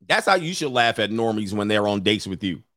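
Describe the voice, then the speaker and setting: A man streaming, reacting to a clip with loud laughing commentary and mocking quoted voices. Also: fairly low pitch, big pitch swings, fairly quick, no room sound, studio quality.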